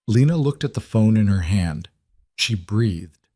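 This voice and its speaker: A man narrating a dramatic story in short, even, declarative sentences. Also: fairly low pitch, unhurried, breathy edge, no echo, clean studio sound.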